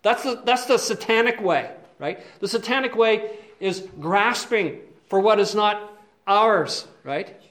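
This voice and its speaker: A man preaching an expository sermon, earnest and emphatic, who keeps checking in with his listeners and moves between quiet asides and loud, stressed points. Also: high-pitched, unhurried.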